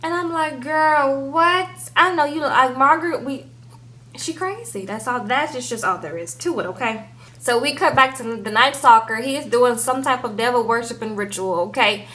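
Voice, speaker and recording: A woman giving a casual, animated recap of a TV episode, peppering it with "girl" and "okay?". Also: a little high, normal speed, rough recording. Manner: chatty, animated, says "girl" and "okay?" often. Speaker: TV show recap reviewer.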